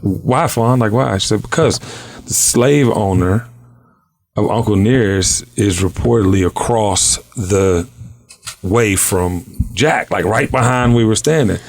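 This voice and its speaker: A man hosting a talk show, telling stories in a casual, slangy, animated way. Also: on the low side, unhurried. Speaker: show host. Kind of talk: casual chat.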